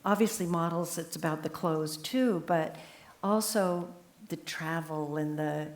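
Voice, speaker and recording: A woman in her seventies, a memoir author talking as a guest in a casual onstage conversation, telling lively stories and acting out the voices she quotes. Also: deep voice, unhurried. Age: 70s. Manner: animated storyteller who acts out quoted voices. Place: live talk event on stage.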